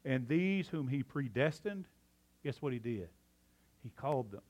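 Man, fervent sermon, breathless, fairly high voice. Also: moderate pace. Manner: excitable, shifts from loud preaching to hushed emphasis. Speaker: pastor.

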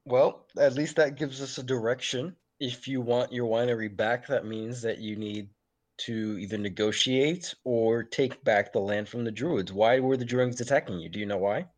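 A man speaking as a tabletop player, earnest and thorough as he asks question after question. His voice sits at a middle pitch. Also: normal speed. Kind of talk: casual tabletop role-play.

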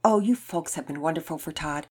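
A woman's voice: low voice, a little fast, a little mellow, husky. Woman voicing a chatty friendly neighbor lady.

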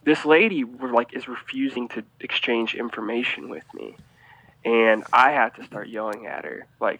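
Brief: male podcast guest, mid-pitched, spins a rambling anecdote in a dry, close sound. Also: normal speed, no room sound, highs cut off. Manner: rambling, animated anecdote with restarts. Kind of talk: casual storytelling.

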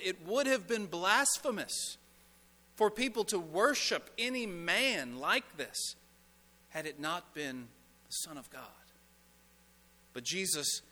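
A male pastor preaching a sermon with a bright, forceful, somewhat high voice. He is emphatic, asks rhetorical questions and drops to a hush on key lines. A long church-hall reverb trails his words. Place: church sanctuary.

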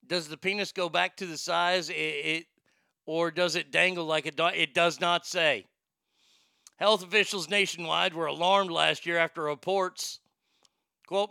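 Male comedy host who reads news with crude, irreverent asides. He has a high, very bright voice. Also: normal speed, clean tone, no echo, studio quality. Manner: profane, irreverent joking. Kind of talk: comedic news-reading commentary.

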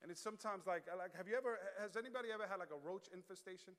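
Male pastor, high bright voice, animated sermon delivery in a church hall with long reverb. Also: very fast. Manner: animated storytelling, swings from low and quiet to loud and shouting.

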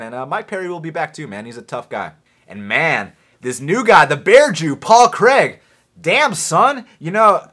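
A man's voice: on the high side, sharp tone. A young adult man hosting a podcast, talking casually and animatedly about fights, with lots of fillers and swearing. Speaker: podcast host. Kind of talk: casual sports talk.

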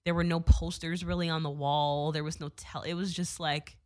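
A young woman casually telling a story, animated, swearing freely with lots of fillers. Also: sits low, normal speed.

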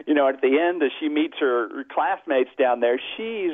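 A man's voice: fairly high pitch, animated, moderate pace, no echo. A man who is a psychologist and author, explaining earnestly in a phone-in radio interview. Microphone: telephone. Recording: tinny dry phone line.

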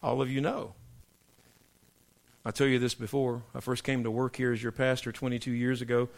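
A middle-aged male pastor preaching a sermon to his congregation, emphatic and preacherly, dropping low for punchlines. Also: flat delivery, moderate pace, vocal fry. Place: church sanctuary.

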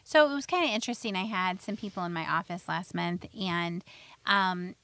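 A woman's voice: lowish voice, normal speed, sharp tone, no room sound. A woman hosting a financial radio show, explaining retirement planning in plain words and telling stories about clients. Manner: plainspoken, tells client stories, laughs lightly. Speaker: financial advisor and radio host.

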